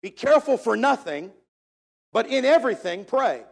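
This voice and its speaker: A man's voice: extremely high pitch, sing-song, normal speed, creaky, slightly rough. A man preaching a sermon to a congregation, repeating key phrases for emphasis in a preacher's cadence. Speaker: pastor.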